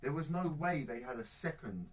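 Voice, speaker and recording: A man's voice: a little high, expressive, moderate pace. A young man, chatting casually as podcast co-host, slangy and rambling. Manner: slangy, rambling, laughs often. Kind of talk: casual chat. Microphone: faulty mic. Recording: distant mic with faint noise.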